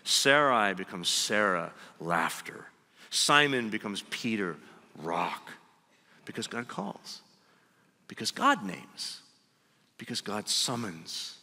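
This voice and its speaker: A man preaching a sermon, emphatic and deliberate, slowing down to stress his key phrases. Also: lowish voice, big pitch swings, pushed and bright. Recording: long hall reverb.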